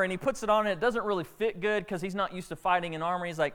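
A man preaching a sermon, retelling a Bible story with lively, acted-out dialogue. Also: sits high, fairly quick, clear, resonant tone. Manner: animated storytelling preacher, acting out characters' lines. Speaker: pastor.

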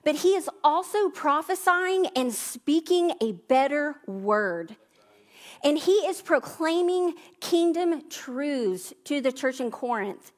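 A woman's voice: high-pitched, expressive, takes it slowly. A middle-aged woman preaching a conversational sermon, with personal stories and asides. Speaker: pastor.

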